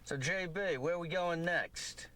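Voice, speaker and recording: Game sidekick detective,, plain stock line, a bit higher voice. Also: male voice, unhurried, pushed and bright, dry recording.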